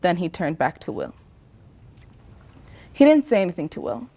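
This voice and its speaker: A woman reading a story aloud in a slow, measured narration. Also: on the low side, sing-song, mellow. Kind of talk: audiobook reading.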